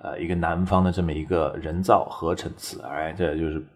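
In a very deep, slightly rough voice with a level tone and a little fast pace, a man teaches English casually. It's a chatty, explanatory lesson where he keeps checking in, adding "right?" and laughing.

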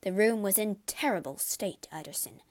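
A man's voice: high-pitched, animated, normal speed. Woman doing a shaky scared old doctor guy, trembly voice, storybook reading. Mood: storytelling. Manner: trembling, fearful. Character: frightened, shaken older male doctor.

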